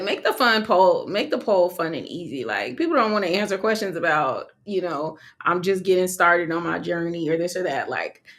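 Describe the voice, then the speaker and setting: A woman's voice: lowish voice, a bit bright. A young woman from California, an online course creator, talking casually on a live stream, chatty and slangy, laughing often.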